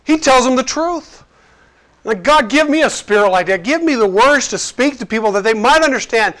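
A man preaching a casual, conversational sermon, lively and jokey, acting out the people he quotes. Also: very high-pitched, moderate pace.

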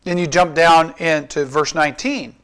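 A pastor preaching a conversational sermon, asking his listeners rhetorical questions and slowing down to stress key points. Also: fairly high pitch, fairly even intonation, a bit bright, clean tone. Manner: asks the congregation rhetorical questions, slows down for emphasis.

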